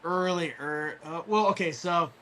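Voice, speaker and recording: A man telling a long story in casual chat, rambling with fillers and restarts, clearing his throat as his voice wears out. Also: a little high, measured pace, pushed and bright, slight background noise. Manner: rambling, full of fillers and restarts, swears freely. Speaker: guest storyteller.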